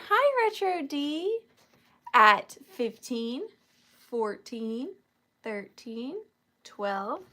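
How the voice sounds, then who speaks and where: Woman host in her thirties, higher voice, unhurried, gushing and chatty for a live sale. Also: bright, forceful tone. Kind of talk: casual live-sale chat.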